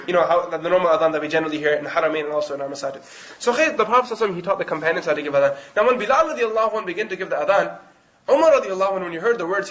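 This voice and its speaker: Male lecturer, very fast and high-voiced, storytelling delivery, dull lo-fi recording. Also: a bit bright. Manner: rapid storytelling, restarts words, chants Arabic phrases. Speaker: Islamic lecturer. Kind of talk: religious history lecture.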